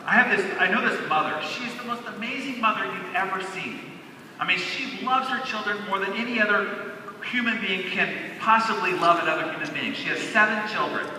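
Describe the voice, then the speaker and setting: A man's voice: high-pitched, bright, forceful tone, a little hiss or hum. A man giving a motivational convention keynote, stressing key words by drawing them out. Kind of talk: motivational stage speech. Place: large convention hall. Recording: echoey hall, heard from a distance.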